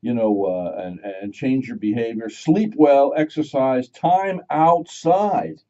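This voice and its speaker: A man's voice: mid-range voice, takes it slowly, dark tone. A male radio talk show host chatting casually, rambling and going off on tangents as he repeats himself. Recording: dull lo-fi radio studio sound.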